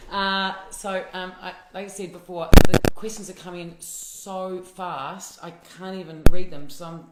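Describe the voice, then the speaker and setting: A woman's voice: fairly low pitch, fairly even intonation, unhurried, echoey room, very noisy. A woman with a New Zealand accent chatting playfully on a live stream. She reads viewer comments aloud, laughs often and uses many fillers and restarts. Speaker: actress hosting a live fan Q&A. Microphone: phone or laptop mic on a live stream.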